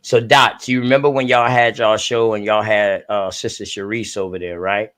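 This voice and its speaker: A man's voice: fairly low pitch, fairly even intonation, moderate pace, fairly bright tone. A man hosting an online group call, telling a story in casual, profane street talk and acting out the voices of the people in it.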